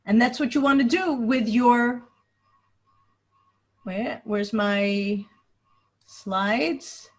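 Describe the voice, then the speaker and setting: On a computer mic during a video call, a teacher trainer hosts a webinar, demonstrating a computer task on screen one step at a time and thinking out loud. Her fairly high voice comes very slowly, broken by long pauses.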